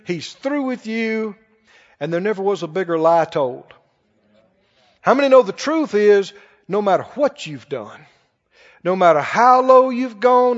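High-voiced preacher in a reverberant hall. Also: male voice. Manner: preaching with rhetorical questions to the congregation. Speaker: pastor. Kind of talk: sermon. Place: large church hall. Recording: dull reverberant church recording.

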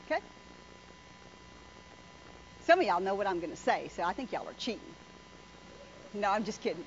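A woman's voice: medium pitch, big pitch swings, normal speed. A woman preacher delivering a folksy, joking sermon full of stories. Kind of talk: sermon with storytelling. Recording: slightly muffled with faint noise.

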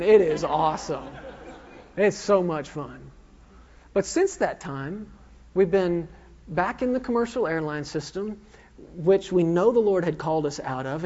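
Male minister with a high voice; a storytelling sermon testimony, self-mocking. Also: a little mellow, highs cut off.

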